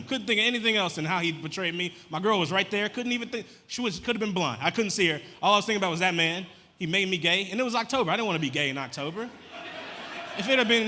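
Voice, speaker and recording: Male stand-up comic, rambling deadpan delivery, live club room with long reverb. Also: a little high, a little hiss or hum. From Louisiana. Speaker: stand-up comedian. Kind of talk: stand-up comedy set. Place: comedy club stage. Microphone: handheld stage mic.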